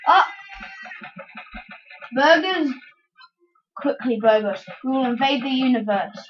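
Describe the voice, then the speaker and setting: A woman commentating a game in a casual let's-play, excitable, with yelps and giggly outbursts. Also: on the high side, highs cut off. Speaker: gameplay commentator.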